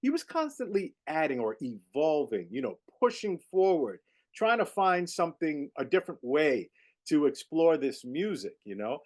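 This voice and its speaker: A middle-aged jazz saxophonist, appearing as a guest in a casual interview, tells stories in a fairly high voice at a moderate pace. He's an animated storyteller who leans heavily on "you know."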